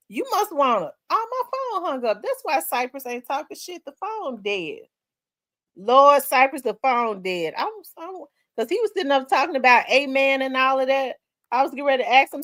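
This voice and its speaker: A woman with a Memphis Southern accent, hosting a livestream in casual chat, rambling and repeating herself and quick to laugh while she reads viewer comments. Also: sits high, sing-song, fairly bright tone, no echo, clean studio sound. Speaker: livestream host.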